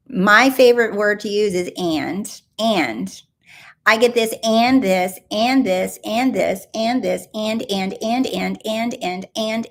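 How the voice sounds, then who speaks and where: A woman talks to her viewers on a live stream in a mid-pitched voice. She coaches with playful emphasis, stacks repeated words, and slows down to drive a point home. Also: gravelly, fairly bright tone. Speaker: manifestation coach.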